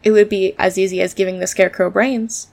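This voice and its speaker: Gentle, timid young girl in a storybook; woman reader voices her, mid-pitched. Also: fairly even intonation, brisk, vocal fry, natural voice. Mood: earnest. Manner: soft, earnest questions.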